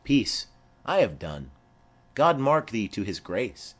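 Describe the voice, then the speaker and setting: A man's voice: on the low side, sing-song, takes it slowly, a bit bright, husky, heavily acted. A man reading a play aloud, voicing a garrulous, rambling old nurse who fondly chatters on. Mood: chuckling fondly.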